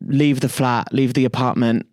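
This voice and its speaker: A man's voice: medium pitch, moderate pace. Chatty, swearing male podcast host. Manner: animated storytelling, swears freely, acts out quotes. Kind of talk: casual chat.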